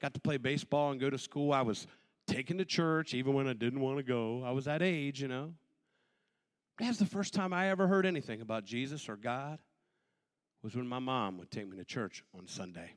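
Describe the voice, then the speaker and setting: This personal testimony comes from a man in his forties with a mid-range voice who talks a little fast. He tells it animatedly, voicing the people in his story himself.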